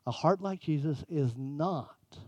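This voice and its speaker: A man preaching a sermon as pastor, emphatic, swinging between raised passages and hushed ones. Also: on the high side, takes it slowly, no echo.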